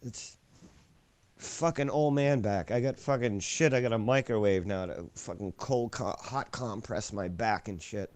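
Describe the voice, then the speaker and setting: A man's voice: on the low side, moderate pace, few pauses, darkish tone. A man co-hosting a casual podcast, swearing constantly as he rants. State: sore back. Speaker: podcast co-host. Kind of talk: casual profane banter.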